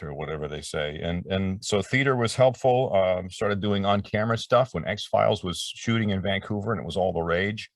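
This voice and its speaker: Man, very low voice, middle-aged, rambling storyteller, dry room, slightly off-mic. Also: moderate pace, hardly any pauses, no echo, recorded from a distance. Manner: rambling, self-interrupting, acts out quotes. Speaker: voice actor guest. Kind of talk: casual interview storytelling.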